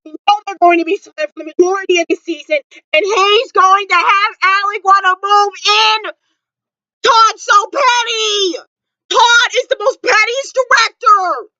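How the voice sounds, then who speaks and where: Loud, excitable teen vlogger, very high voice. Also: a little slow, no echo, highs cut off. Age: late teens. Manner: loud and excitable, near tears. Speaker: TV show reviewer. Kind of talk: excited reaction review. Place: bedroom at home.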